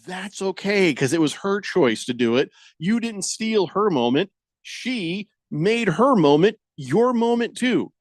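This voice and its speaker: A man's voice: high voice, unhurried, dry recording. A man hosting a radio talk show, telling stories in casual banter and acting out the people he quotes. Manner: animated storyteller, acts out quoted voices. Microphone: studio microphone.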